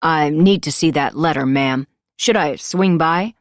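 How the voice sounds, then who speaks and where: A woman's voice: low-pitched, unhurried, no room sound, clean studio sound. A woman narrator voicing a weary male police detective who speaks formally and deferentially. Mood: dutiful. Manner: formal, deferential, says ma'am.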